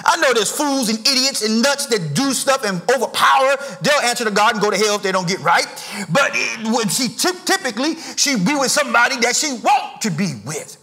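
A middle-aged man preaches in a church, his voice pitched unusually high for a man. His tone is bright and forceful, and his delivery climbs into sing-song rises and shouted emphasis. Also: lively intonation, a little fast. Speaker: pastor. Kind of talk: sermon. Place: church sanctuary.

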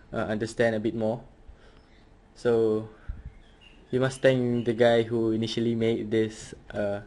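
A man's voice: medium pitch, darkish tone. A man hosting a casual home tutorial, hesitant and full of fillers. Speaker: tutorial host.

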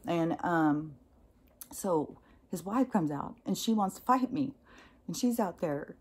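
A woman's voice: low voice, unhurried, breathy edge. A middle-aged woman telling a casual story, blunt and profane, with many fillers and laughs. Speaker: host.

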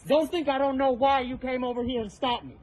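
A man's voice: very high-pitched, steady tone, brisk, a little mellow, poor audio. A man angrily confronting a neighbor on a residential street, swearing and demanding his name while filming on a phone. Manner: angry, profane, confrontational. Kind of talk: heated street argument. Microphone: phone held while filming.

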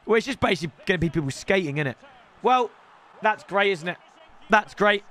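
A young man with a British accent giving excitable, shouty live commentary on his football game as a streamer, bantering with chat. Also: high voice, a little fast, soft background music. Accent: British English. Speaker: gaming streamer.

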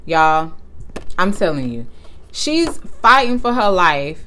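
A young woman hosting a casual vlog, talking in a warm, effusive way and often close to tears. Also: lowish voice, very animated, slow pace, a little hiss or hum. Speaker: channel host.

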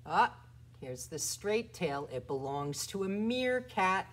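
A woman who works as a children's librarian, leading a toddler storytime with rhymes and a picture book, swinging between exaggerated soft and loud voices. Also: on the low side, very animated, slow.

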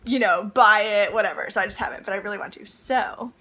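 A woman hosting a casual vlog from an apartment, bubbly and excitable, laughing often. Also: mid-range voice, quick pace. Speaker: vlog host. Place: apartment at night, indoors.

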